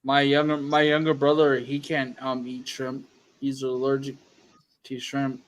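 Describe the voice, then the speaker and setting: A man's voice: medium pitch, completely flat delivery, a little slow, slight background noise. A man in casual chat, talking hesitantly with many fillers.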